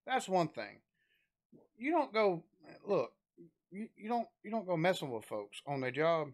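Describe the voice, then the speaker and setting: Guy reacting to a video, kinda rambly, keeps restarting his sentences, voice sits a bit high. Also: sing-song, a little slow. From Southern United States. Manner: rambling, with frequent restarts and fillers. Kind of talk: casual reaction commentary.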